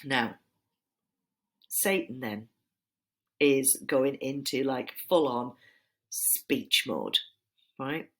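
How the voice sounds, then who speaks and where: A woman's voice: extremely low pitch, drawn-out words, long pauses, fairly bright tone. A woman teacher giving a recorded lesson, chatty and informal with asides. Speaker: literature teacher.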